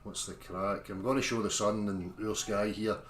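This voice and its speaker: A man's voice: lowish voice, steady tone, normal speed, a bit bright, reverberant, slight background noise. A Scottish man hosting a casual livestream, chatting informally and reading out viewers' names as he greets them. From Scotland. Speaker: livestream host.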